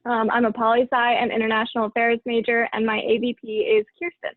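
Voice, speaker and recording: A young woman briskly introducing herself on a video call. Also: on the high side, monotone, dry recording. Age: young adult. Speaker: club vice president. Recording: thin phone-like dry video call audio.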